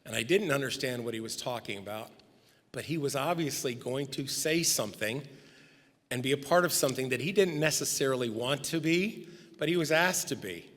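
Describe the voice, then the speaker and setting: A middle-aged man giving a memorial tribute in a large church sanctuary, telling gently humorous stories about the departed. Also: mid-range voice, expressive, fairly quick. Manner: anecdotal, gently humorous storytelling. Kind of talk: eulogy storytelling. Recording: long reverb in a church hall.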